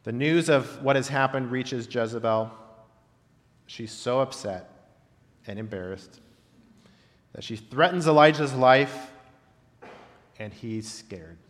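A man preaching a reflective sermon, pausing often and letting his phrase endings fall soft. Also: mid-range voice. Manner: reflective, with long pauses and softly dropped phrase ends. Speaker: pastor. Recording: long reverb of a large hall.

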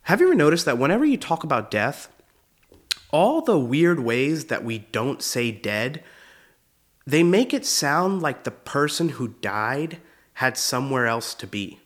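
Rambling young comedian laughing at himself. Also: male voice, medium pitch, very animated, unhurried. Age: 20s. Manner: rambling, laughs at own stories, acts out quotes. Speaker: comedian host. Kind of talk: casual comedic monologue.

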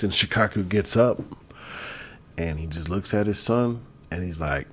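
A man's voice: on the low side, slow, long pauses. A man talking in a loose, rambling, profane casual monologue. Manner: rambling, profane, laid-back. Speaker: vlogger.

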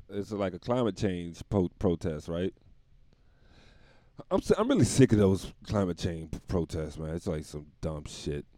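A man's voice: sits low, mellow, no echo. A man delivering a rambling, profane comic monologue, often laughing at his own jokes.

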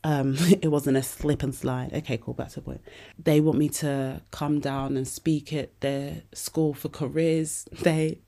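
A woman's voice: deep voice, steady tone, a little slow, vocal fry, mellow. A woman, hosting a podcast and giving candid, casual advice with plenty of swearing. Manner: candid, swears freely, calls listeners babes. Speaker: podcast host.

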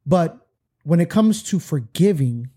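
A reflective man with a fairly high, mellow voice talks about forgiveness in a faith conversation. He often repeats words while he gathers his thoughts. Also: expressive, measured pace, slightly rough. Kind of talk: candid faith talk.

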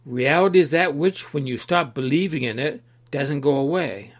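Man doing an earnest young truth-seeker in a storybook reading, measured and steady. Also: fairly high pitch, lightly acted.

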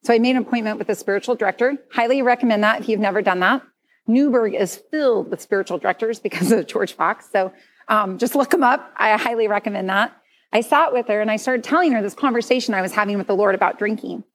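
A woman's voice: mid-range voice, quick pace. A middle-aged woman giving a candid, conversational sermon testimony at church. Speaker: speaker at church.

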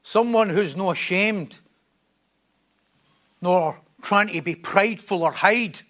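A man's voice: high voice, slow pace, a bit bright. A man preaching a sermon in an emphatic style, repeating key phrases for weight.

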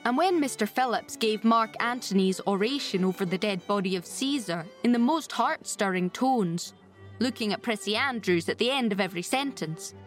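In scripted narration of a classic novel, a female audiobook narrator uses her mid-range voice to tell the story in a measured yet expressive way.

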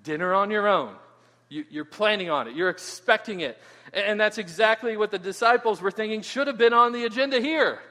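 Guy preaching, kinda high voice, keeps saying "right?", lots of stumbles, big echoey hall. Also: brisk. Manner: animated, keeps asking "right?", stumbles and repeats words. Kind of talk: expository sermon. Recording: long hall reverb.

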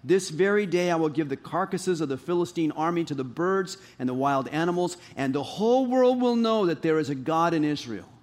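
A male pastor preaching a sermon, reading scripture and retelling it in an animated storytelling way that swings from loud to soft. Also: on the high side, a little fast, few pauses.

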